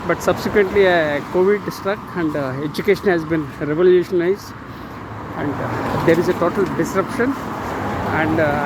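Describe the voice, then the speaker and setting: A man in his sixties with an Indian English accent gives a casual motivational talk outdoors, halting often on drawn-out fillers. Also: high-pitched. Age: 60s. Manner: earnest, uplifting. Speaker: channel host. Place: outdoors near a road. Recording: outdoor traffic noise behind.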